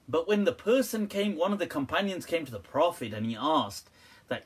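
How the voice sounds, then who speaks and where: A man's voice: on the high side, big pitch swings, normal speed, breathy edge. A man answering viewer questions on a live stream, teasing, joking and laughing often.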